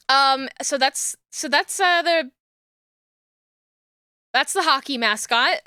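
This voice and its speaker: A young woman streamer, chatting casually and rambling, with bursts of excited yelling. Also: sits high, slow, pauses often, no echo, clean studio sound. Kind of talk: casual livestream chat while crafting.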